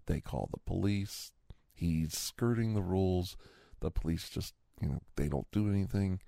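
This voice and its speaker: A man's voice: low voice, moderate pace, gravelly, mellow, no echo, studio quality. A middle-aged man telling a story in a casual, indignant, rambling way, full of restarts. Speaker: storyteller in a role-play.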